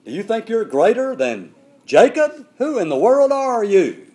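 A scornful, indignant Samaritan woman at a well, challenging and sharp-tongued, as a male preacher acts her out. The voice swings widely in pitch, climbing high on her barbs. It sits fairly high for a man's voice. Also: very animated, measured pace.

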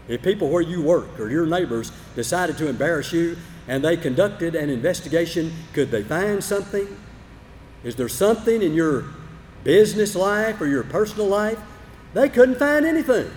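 An older man preaching a sermon, emphatic and storytelling, with big swings between loud and soft. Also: a little high, slight background noise. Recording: reverberant hall, faint room ambience.

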